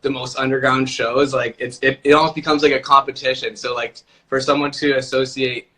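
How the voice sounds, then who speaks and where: A man's voice: mid-range voice, brisk. A man chatting casually on a live-stream video call, talking loosely with lots of filler words. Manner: relaxed, many "like" fillers. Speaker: music producer guest.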